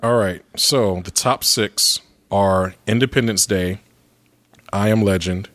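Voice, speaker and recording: A man's voice: on the low side, slow, fairly bright tone, no echo. A man running a casual podcast trivia game, reading out questions and teasing the players. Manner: teasing, reads questions out plainly. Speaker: quizmaster.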